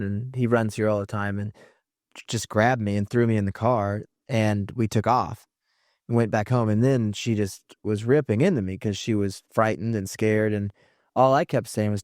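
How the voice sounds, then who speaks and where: Halting man telling a personal story. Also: fairly low pitch, fairly even intonation, darkish tone, no room sound, studio quality. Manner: halting, restarts mid-thought. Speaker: podcast host.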